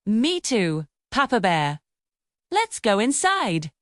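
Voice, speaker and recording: A woman voicing a gentle, calm mother bear in a bedtime storybook. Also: mid-range voice, takes it slowly, no echo, studio quality. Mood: warm.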